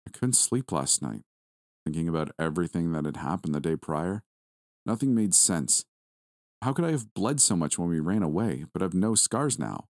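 A man narrating a first-person horror story in a steady, measured reading voice. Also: deep voice, no room sound, studio quality.

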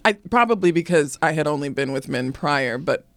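A woman comedian guesting on a podcast, talking frankly with deadpan asides and laughter. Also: deep voice, moderate pace, dry recording. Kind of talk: casual chat.

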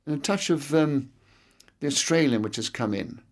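A man's voice: a little high, moderate pace. An older man with an English accent, reminiscing at length in an interview, with an expansive and anecdotal manner. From England. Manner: expansive, anecdotal, fond of digressions.

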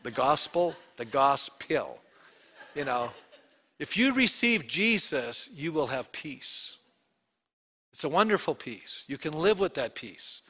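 A man, a pastor, preaching an Easter sermon to his congregation, telling the story with animated asides and questions to the room. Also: fairly high pitch, a little slow. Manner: animated storytelling, acting out quotes.

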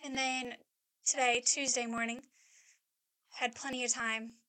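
Woman in her thirties, high voice, bright tone, chatty rambling storyteller, podcast co-host. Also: level tone, measured pace. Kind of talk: casual chat, personal storytelling.

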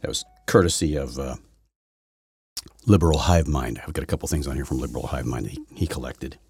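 A man's voice: extremely low pitch, a little fast, creaky, darkish tone, slightly rough, no room sound. A middle-aged man hosting an opinion podcast, talking in a sarcastic, mocking way with many repeats and restarts. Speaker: podcast host. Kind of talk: opinion commentary monologue.

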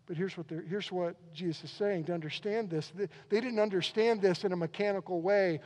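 A high-pitched male pastor delivers an animated sermon, voicing the disciples' shocked reactions as he goes. His voice rings out in a church hall with a long, lingering reverb. He talks with frequent quick restarts.

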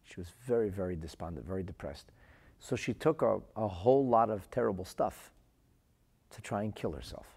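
A low, mellow male voice gives a religious lesson as an earnest story. His voice is slightly husky, and his pitch rises and falls widely. He often repeats words to stress them. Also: expressive, normal speed. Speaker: Torah teacher.

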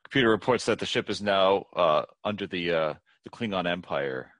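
A man running a tabletop game as game master, reporting events haltingly with many uh's. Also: sits low, expressive, fairly bright tone, no echo.

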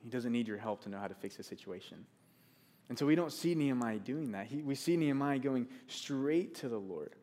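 Man, preacher, sermon, earnest, repeats key phrases, medium pitch. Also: lively intonation, fairly quick, warm tone. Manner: reads scripture aloud.

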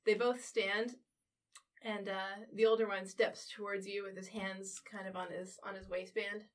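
A woman's voice: mid-range voice, flat delivery, moderate pace. Woman running a tabletop game, a bit far off. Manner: conversational, hesitant, breaks into character voices. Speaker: game master. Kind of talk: narrating and voicing characters in a tabletop game.

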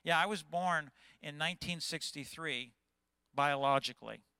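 Impassioned bright-voiced pastor in his fifties. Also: on the high side, moderate pace, clean tone, dry recording. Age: 50s. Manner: impassioned, agitated preaching. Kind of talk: sermon.

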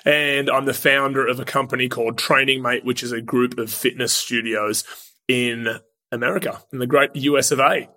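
A man's voice: medium pitch, fairly even intonation, moderate pace, bright, forceful tone. A man from Sydney with an Australian accent, a podcast guest chatting and laughing easily as he tells stories. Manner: chatty, laughs often, says "look" and "mate". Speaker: podcast guest, gym founder. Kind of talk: casual interview storytelling.

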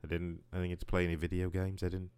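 A low-pitched American man talks loosely in a relaxed podcast conversation. His voice is smooth and clean, and he often restarts his sentences mid-thought. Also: racing, dry recording, clean studio sound. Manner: rambling, self-correcting, laughs often. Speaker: podcast co-host. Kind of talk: casual chat.

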